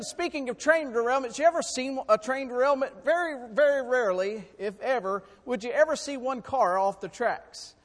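A man preaching a sermon in a folksy, emphatic way, swinging between loud and quiet. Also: very high voice, normal speed, hardly any pauses, big-room sound.

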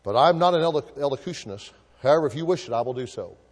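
A man's voice: mid-range voice, animated, fast talker, big-room sound, voice pushed up, natural voice. A man voicing a humble, surprised old male clergyman who hesitates and stammers.

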